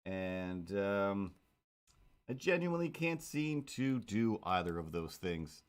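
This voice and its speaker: A man's voice: lowish voice, sing-song, slow. A man chatting casually on a livestream while drawing, rambling with self-mocking, playful asides. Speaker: streamer.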